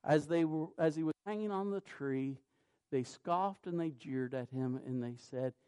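Slow, deliberate preacher man. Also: a little high, clear, resonant tone. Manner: slow and deliberate, rising to loud emphatic peaks; reads scripture aloud in measured cadence. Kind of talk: sermon.

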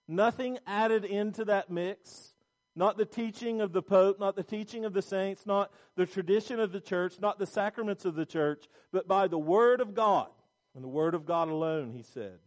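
A man's voice: high voice, normal speed, darkish tone. A middle-aged male pastor preaching a sermon, emphatic and repetitive, with restarts.

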